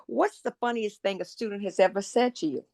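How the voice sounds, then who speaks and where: A middle-aged woman co-hosting a podcast, upbeat, running a quick question round and repeating answers back. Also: mid-range voice, a little mellow. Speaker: podcast co-host. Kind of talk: casual interview chat.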